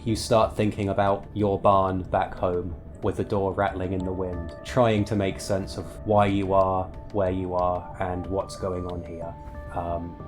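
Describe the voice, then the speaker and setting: Guy game master narrating, lowish voice, slow with lots of ums, soft music under it. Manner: slow descriptive narration with fillers.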